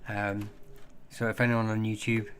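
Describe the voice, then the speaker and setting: Low-voiced man chatting on a livestream. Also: completely flat delivery, fairly bright tone, clear, resonant tone. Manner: rambling, halting, many fillers and restarts. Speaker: livestream host. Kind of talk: casual livestream chat with viewers.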